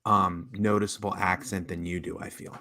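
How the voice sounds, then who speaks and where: Deep-voiced easygoing podcast co-host man. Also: flat delivery, normal speed, crowd noise. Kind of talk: casual livestream podcast chat.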